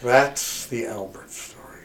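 An older man, a guest on a podcast, telling stories from his childhood in a relaxed, chuckling way. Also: medium pitch, takes it slowly, recorded from a distance, a crowd in the background. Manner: chuckling, rambling storyteller. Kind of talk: casual storytelling.

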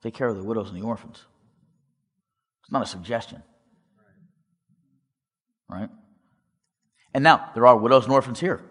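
A man's voice: medium pitch, moderate pace, long pauses, breathy edge. A man giving a storytelling testimony to a congregation, acting out quoted dialogue and asking the audience questions. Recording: long hall reverb.

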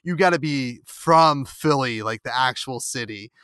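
Recorded dry and at studio quality, a Philadelphia-accented man hosts a casual podcast interview in a smooth, medium-pitched voice that is pushed and bright, at a measured pace. His O has a slight nasal quality, and he meanders with lots of fillers and false starts, chuckling while telling stories.

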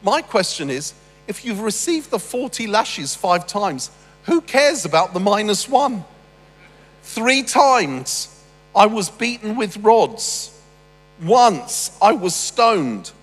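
A man's voice: high-pitched, slow pace. A man preaching a sermon, reading scripture and breaking off into humorous asides. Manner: humorous, animated storytelling with asides. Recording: long reverb with faint music.

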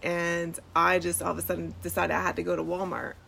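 A woman hosts her podcast from a front porch, telling a story casually and chattily with plenty of fillers and laughs. Her voice has a gravelly, fried edge, and faint outdoor ambience sits behind it. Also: fairly low pitch, monotone, a little fast, sharp tone, a little hiss or hum, poor audio. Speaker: podcast host and nurse.

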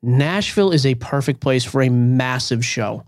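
A man's voice: medium pitch, lively intonation, normal speed, dry recording. A man co-hosting a podcast in casual chat, dry and teasing, speaking blunt opinions. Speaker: podcast co-host.

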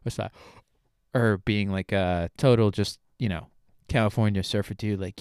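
Rambling hyped young podcast host. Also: male voice, on the low side, steady tone, moderate pace, darkish tone, clear, resonant tone, no echo, studio quality. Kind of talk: casual solo podcast chat. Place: studio.

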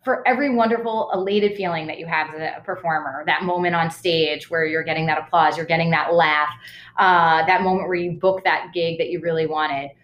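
A woman's voice: low-pitched, fairly even intonation, fairly quick, dull audio. A young woman, an actress, chatting casually as an interview guest, talking in a loose way with fillers and frequent laughs. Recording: roomy echo.

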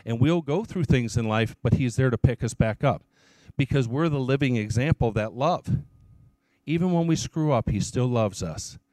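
A man's voice: medium pitch, animated, normal speed, dark tone, no room sound. A man, a church elder, preaching his testimony as an emphatic storyteller who repeats his key phrases.

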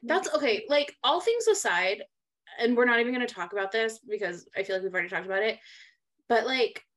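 Young woman, podcast co-host, higher voice, blunt and excitable, casual swearing. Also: brisk. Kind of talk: casual chat about musical theater.

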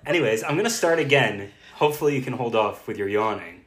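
A man's voice: mid-range voice, expressive, quick pace. A man co-hosting a travel podcast in casual chat, self-deprecating and laughing often. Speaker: podcast co-host. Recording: roomy echo.

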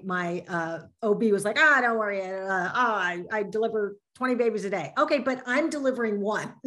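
Woman telling stories with animated energy. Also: mid-range voice. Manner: animated storytelling, many fillers. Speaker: panel guest. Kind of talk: casual panel discussion.

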